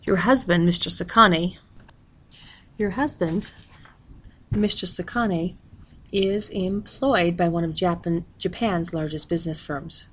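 A woman's voice: fairly low pitch, unhurried, pauses often, slight background noise, natural voice. A woman voicing a stern male federal agent who speaks briefly and officially. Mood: curt.

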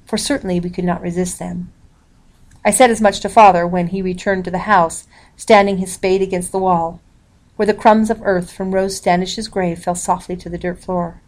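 A woman reading a historical novel aloud, calling out the page numbers as she goes. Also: fairly low pitch. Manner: even, measured reading with page numbers announced. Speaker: reader.

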